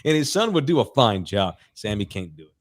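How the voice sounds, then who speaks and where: A man's voice: fairly low pitch, very animated, fairly quick. A man in his forties, a podcast co-host, telling a long crude anecdote in a casual, rambling way with plenty of profanity. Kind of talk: casual sports podcast storytelling.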